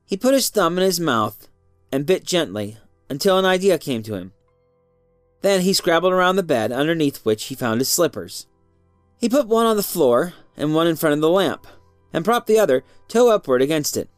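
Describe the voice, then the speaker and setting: A narrator reads a story aloud with great expression, the pitch rising and falling through each sentence at a normal speed. The recording is close and dry, with faint music beneath.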